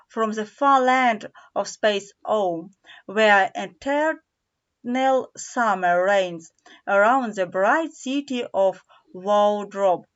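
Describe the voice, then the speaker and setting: A woman's voice: mid-range voice, muffled recording. A woman voicing a polite, nervous male faun who speaks formally and hesitantly. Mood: inviting.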